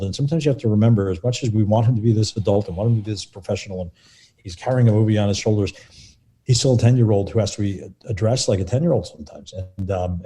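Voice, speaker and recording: Fast-talking man telling set stories. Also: on the low side. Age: middle-aged. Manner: animated, acts out quotes of others. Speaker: film assistant director, guest. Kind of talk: anecdotal interview storytelling.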